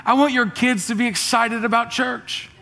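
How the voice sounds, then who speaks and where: A middle-aged pastor preaches a lively, joking sermon to his congregation. His voice sits high for a man and often swells into shouts. It rings with the long reverb of a large church hall. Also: normal speed, creaky. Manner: energetic, joking, rising to shouts. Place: church auditorium.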